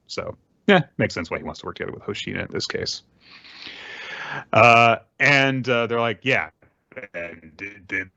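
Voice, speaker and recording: Low-voiced man recapping manga casually. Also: sharp tone, dry recording, dull audio. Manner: rambling, swears, mimics characters in quick asides. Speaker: podcast host.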